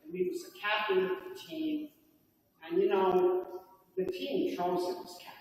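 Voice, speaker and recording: A man's voice: high voice, normal speed. An older man giving a heartfelt, folksy acceptance speech at a hall of fame ceremony, recorded from a distance in a banquet hall. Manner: heartfelt, folksy, animated delivery. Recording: distant mic in echoey hall.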